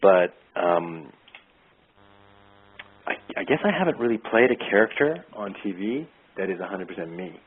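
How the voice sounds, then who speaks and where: A man, an actor, answering interview questions in an easygoing way, pausing often with fillers to find his words. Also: deep voice, big pitch swings, slight background noise. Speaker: actor guest. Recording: tinny phone-like line.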